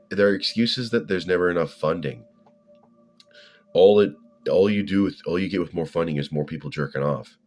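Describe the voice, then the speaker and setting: A man talking in a rambling, opinionated casual monologue, full of restarts and swearing. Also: a bass voice.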